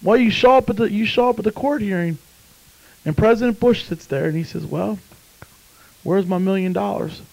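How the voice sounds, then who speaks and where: A man preaching a sermon, swinging between hushed storytelling and loud, fervent exclamations. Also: sits high, animated, a little fast, low-quality recording. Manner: impassioned, swings from hushed to shouting.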